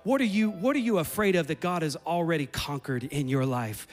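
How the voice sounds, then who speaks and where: A pastor talks fast and barely pauses, his fairly high voice carried over soft background music in a church sanctuary. The sermon mounts with repetition and urgency and turns into a prayer he leads.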